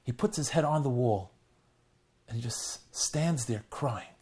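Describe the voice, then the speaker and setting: A man, a rabbi, telling a story as an appeal, swinging dramatically between loud and hushed delivery. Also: medium pitch, a little slow.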